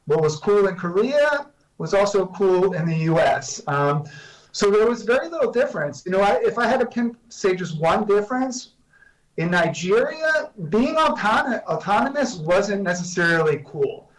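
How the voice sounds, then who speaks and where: Guy prof explaining stuff over a video call, kinda high voice, sounds far off from the mic. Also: very animated. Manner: measured, explanatory, with frequent "you know" and restarts. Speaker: guest, psychology professor. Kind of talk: remote interview answers.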